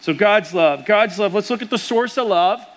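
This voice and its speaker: A pastor with a notably high voice preaches a sermon. He tells stories with humor and animated asides, drawing the congregation in. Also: normal speed.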